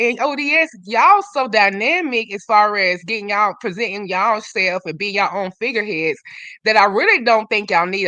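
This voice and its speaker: A woman hosting a livestream in casual chat, animated and swearing freely as she talks to her regulars. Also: mid-range voice, no echo. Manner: animated, swears freely, slips into quoted dialogue. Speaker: livestream host.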